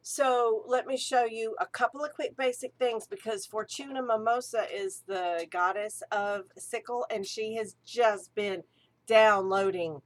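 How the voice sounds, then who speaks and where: A woman's voice: on the high side, measured pace. Eager, chatty woman teaching. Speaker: archpriestess and ritual director. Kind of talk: casual teaching talk.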